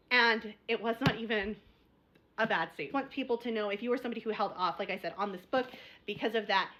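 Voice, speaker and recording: A woman's voice: on the high side, moderate pace, dull audio. A young adult woman chatting casually in a book review video, rambling and repeating herself as she gets worked up.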